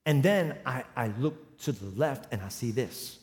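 A man in his forties preaching a sermon, telling a humorous personal story and building to loud, emphatic runs. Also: medium pitch, animated, measured pace. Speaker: pastor. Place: large church hall with live audience. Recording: long hall reverb.

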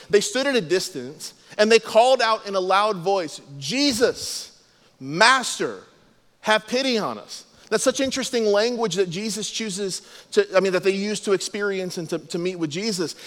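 A man's voice: high voice, big-room sound. A man preaching a sermon as a pastor, explaining scripture and acting out the quoted lines.

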